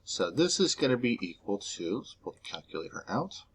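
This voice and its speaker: A man teaching a recorded math lesson, explaining step by step in a relaxed way. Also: fairly low pitch, a little fast.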